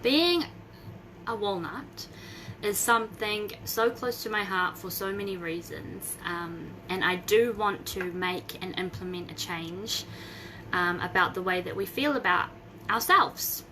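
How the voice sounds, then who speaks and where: A young woman, hosting a casual live video from home, rambling and bursting into excited squeals. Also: medium pitch, a little slow, a little hiss or hum, low-quality recording. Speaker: host of a Facebook group live video.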